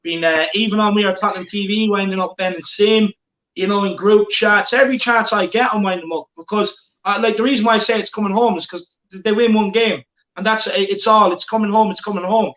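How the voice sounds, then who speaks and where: A man's voice: sits high, fairly even intonation, a little fast, fairly bright tone, echoey room, low-quality recording. A man hosting a live football watchalong, chatting casually and reading out viewer comments. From Ireland. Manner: chatty, reads viewer comments, banter with co-host. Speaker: watchalong host.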